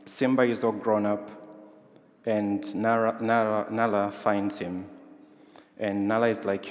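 Preacher, male, lowish voice, conversational, asks the room questions; hall reverb. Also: little pitch movement, a little slow. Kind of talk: sermon. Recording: roomy hall with long reverb.

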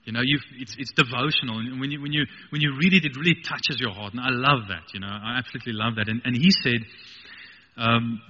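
A man delivers a sermon, his voice bright and a little breathy. He swings from quiet reflection up to emphatic, ringing peaks. The sound is a dull radio broadcast with a long, hall-like reverb. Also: medium pitch, fairly even intonation, a little fast. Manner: passionate, rising to emphatic peaks. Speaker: preacher.

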